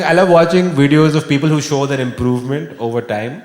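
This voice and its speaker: A man in his thirties with an Indian English accent, performing a stand-up comedy set and jumping into high, shouty voices for his friends. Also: brisk. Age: 30s. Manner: animated, acts out friends in sudden high-pitched bursts. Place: large venue with live audience. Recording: echoey hall with audience noise.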